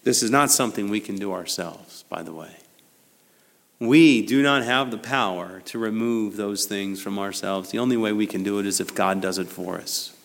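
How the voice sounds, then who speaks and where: A man preaching a sermon in a conversational way, building to emphatic peaks and then dropping low and quiet. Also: big-room sound. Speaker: pastor.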